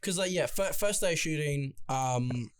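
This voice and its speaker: A man's voice: on the high side, lively intonation, measured pace, clean tone, dry recording. A young man co-hosting a podcast in casual chat, laid-back, with lots of ums and free swearing. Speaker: podcast co-host.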